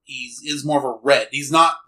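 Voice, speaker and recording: A man's voice: medium pitch, steady tone, moderate pace, sharp tone. A man co-hosting a casual movie review podcast, explaining details in rambling bursts that trail off into mumbles. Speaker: podcast co-host.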